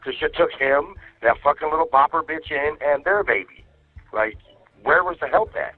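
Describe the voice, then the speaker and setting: A man's voice: on the high side, lively intonation, moderate pace, faint music behind. A man on a phone call with his wife, ranting angrily and swearing heavily. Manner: angry, profane ranting. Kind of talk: casual phone conversation. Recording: tinny phone line.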